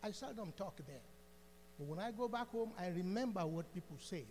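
A man's voice: high-pitched, lively intonation, fairly quick, a little mellow, in a large hall, slight background noise. An older man with an African accent giving a fervent testimony to a church congregation. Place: church sanctuary.

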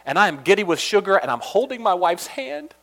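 A young man from Georgia telling a funny personal story in an animated, chatty way, full of asides. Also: high-pitched, a little fast.

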